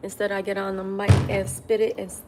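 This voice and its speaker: A woman's voice: medium pitch, completely flat delivery, fairly quick, over loud music. A woman hosting a casual livestream from her table at home, eating and reading viewer comments aloud, laughing often and answering them bluntly. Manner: laughs often and talks between bites. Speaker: livestream host.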